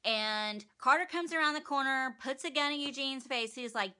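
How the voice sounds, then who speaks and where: A woman giving a casual, animated, profane recap of a TV episode. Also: high-pitched, moderate pace, hardly any pauses. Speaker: TV recap vlogger.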